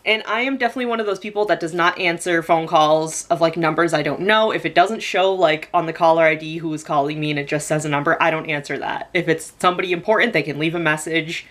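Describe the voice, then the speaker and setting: A woman's voice: low-pitched, fast, fairly bright tone. A young woman telling a personal story to the camera in a casual, chatty vlog style, with frequent "like" fillers. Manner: chatty, lots of "like" fillers, laughs while telling. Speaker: storytelling vlogger.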